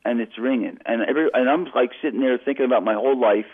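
A man telling an animated story as a guest calling into a radio show, stumbling and restarting as he goes. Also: medium pitch, quick pace, slightly rough. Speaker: phone-in guest. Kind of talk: casual storytelling on a phone call. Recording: tinny phone line on radio.

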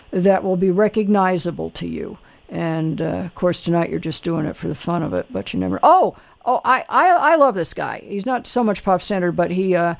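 On a call-in trivia radio program, the male host speaks in a high-pitched, creaky voice. He keeps things chatty and informal, stumbling through fillers and restarts as in casual live radio talk.

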